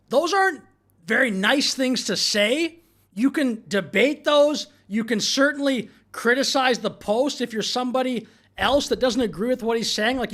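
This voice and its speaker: A man's voice: very high-pitched, fairly bright tone. A man hosting a political commentary show, talking over clips in a mocking, exasperated way. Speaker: commentary channel host.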